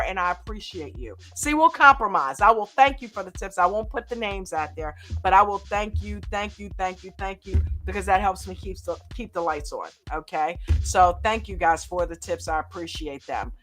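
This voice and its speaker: A woman hosting a live stream chat, greeting viewers by name in a lively, casual way and laughing often. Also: mid-range voice.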